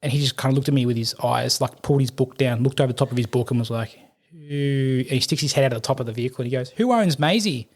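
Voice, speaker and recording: In a mid-range, slightly mellow voice with little pitch movement, a middle-aged Australian army veteran and firefighter chats casually as a podcast guest, firing off rambling war anecdotes and laughing.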